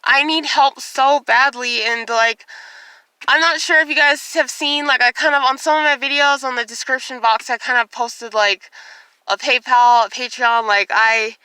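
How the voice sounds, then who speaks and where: A woman's voice: sits high, fairly even intonation, moderate pace, bright, forceful tone, clear, resonant tone, no room sound. A young woman vlogging in a distressed, tearful state, rambling with lots of "like" and swearing. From United States. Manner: rambling, heavy use of "like", profane. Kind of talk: casual personal vlog rant.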